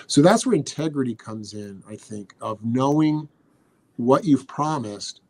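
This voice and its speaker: A man's voice: medium pitch, animated, unhurried, dark tone. A man speaking as a podcast guest, telling motivational stories in an earnest, emphatic way and repeating key phrases. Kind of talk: motivational storytelling.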